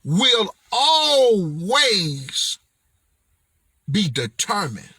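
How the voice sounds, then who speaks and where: A man's voice: sits high, big pitch swings, extremely slow, bright, forceful tone, breathy edge, no room sound. A man giving an emphatic, slangy motivational vlog talk as a speaker and author, playful and preachy.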